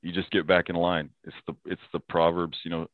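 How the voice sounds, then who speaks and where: Deep-voiced man, earnest, thin phone-like sound. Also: flat delivery, brisk, dry recording. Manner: earnest, quotes scripture, laughs easily. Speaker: podcast guest. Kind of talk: casual interview talk.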